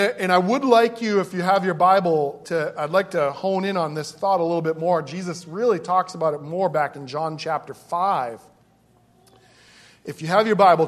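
Man, pastor, high voice, emphatic storytelling sermon, talks to the congregation.

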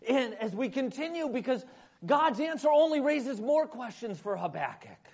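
High-voiced man preaching with dramatic swings. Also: big pitch swings, normal speed. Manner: dramatic, swings from loud to hushed. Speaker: pastor. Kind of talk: sermon.

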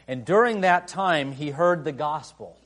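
A man preaching a sermon in a conversational way, full of "you know" fillers, who rises to emphatic outbursts and then drops quiet. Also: fairly high pitch, lively intonation, unhurried. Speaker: pastor.

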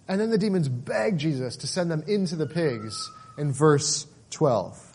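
A middle-aged male pastor preaching a sermon in an earnest, emphatic way, pausing and building emphasis as he explains a passage. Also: medium pitch, darkish tone, slightly rough.

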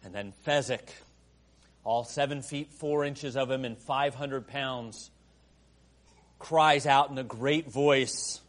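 A man preaching a sermon after an opening prayer, moving between soft, hushed lines and loud, emphatic ones. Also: medium pitch. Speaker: pastor.

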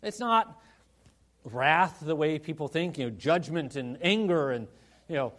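A man with a high voice preaches a sermon in an easy, conversational way, peppering it with asides. He drops to a hush for quiet points, then lifts into emphatic delivery. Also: expressive, unhurried. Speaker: pastor.

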